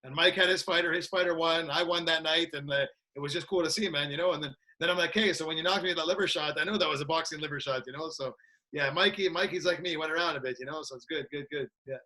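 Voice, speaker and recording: A man's voice: fairly high pitch, quick pace, bright, forceful tone. A man from Canada, a martial arts trainer, chatting as a guest in an upbeat way, laughing often. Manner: upbeat, laughs a lot, repeats "that's it". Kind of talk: casual chat.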